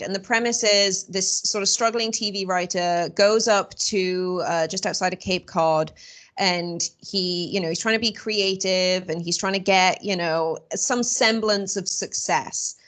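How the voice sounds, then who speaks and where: Woman, podcast host, mid-pitched voice, chatty casual talk. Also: fairly bright tone. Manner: chatty, filler-heavy, quick asides. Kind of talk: casual conversation.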